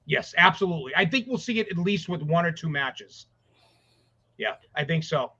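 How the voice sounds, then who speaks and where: High-voiced, excitable man ranting. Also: moderate pace. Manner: excited, profane, rambling with restarts. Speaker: podcast co-host. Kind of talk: casual sports chat. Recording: dull lo-fi audio.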